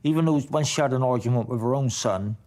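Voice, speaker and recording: A man's voice: mid-range voice, fast talker, a little mellow. A man recounting past events in a blunt, informal way, swearing often. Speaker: interviewee.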